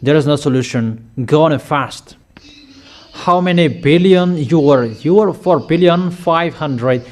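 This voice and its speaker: Male preacher, slow and emphatic, higher-pitched, sudden loud outbursts. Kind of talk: sermon.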